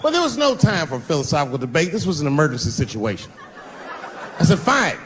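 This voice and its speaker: Brief: a male stand-up comedian with a fairly high voice, animated and crude delivery. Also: fast talker, slight background noise. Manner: animated, profane storytelling.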